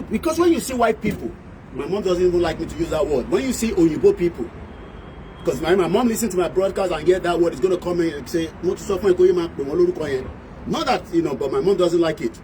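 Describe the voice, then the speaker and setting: A high-pitched man with a Nigerian accent rants through a fiery political broadcast. He flips between English, Yoruba and pidgin and hammers his points home. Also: lively intonation, fast, darkish tone, slight background noise, rough recording. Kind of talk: impassioned political monologue.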